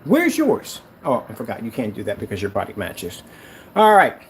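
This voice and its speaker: A man's voice: lowish voice, sing-song, brisk, a little hiss or hum. A man who makes screen paint, delivering a sarcastic, rambling online rant that taunts a rival.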